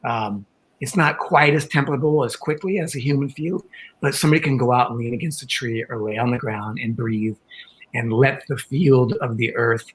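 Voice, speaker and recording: An older man calmly explaining ideas as a guest on an online panel talk. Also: mid-range voice, moderate pace, rough recording. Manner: calm, explanatory, with acted quotes.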